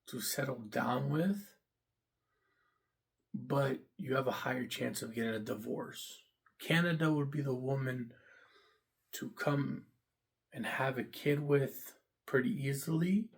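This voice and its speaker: A man's voice: mid-range voice, creaky. A young man giving a blunt, profane, rambling casual rant about dating, full of fillers. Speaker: vlogger giving dating opinions. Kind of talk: casual ranting monologue.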